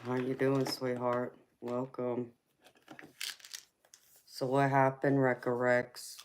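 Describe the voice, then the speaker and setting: A woman's voice: a bass voice, completely flat delivery, drawn-out words, a little hiss or hum. A woman with a Southern Georgia accent hosting a live chat, answering viewers affectionately with sweetheart and honey while getting over a cold. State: fighting a cold. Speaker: tarot livestream host. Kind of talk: casual live chat reading comments.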